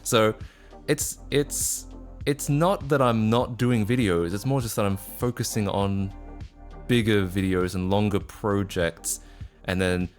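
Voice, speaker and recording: Streamer, 20s, low voice, mixed Aussie-British-American accent, loose rambling chat, faint music under. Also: male voice, slow. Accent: mixed Australian, British and North American. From Australia. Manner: rambling, many fillers and restarts. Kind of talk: casual livestream chat.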